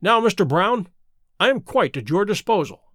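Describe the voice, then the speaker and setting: A man voicing a sharp, self-assured male detective, measured and quietly commanding, with a high, lively voice. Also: dry recording, clean studio sound, full character voice. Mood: cool.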